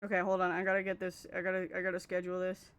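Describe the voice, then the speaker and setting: A woman's voice: on the low side, monotone, very fast. A young Canadian woman streaming, chatting casually in a rambling, self-interrupting way with a Canadian accent. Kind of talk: casual chat.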